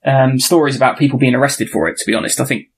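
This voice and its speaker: A man's voice: mid-range voice, steady tone, very fast, slightly rough. A man, talking casually and wryly on a video call as a podcast co-host. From England. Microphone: computer mic on a video call.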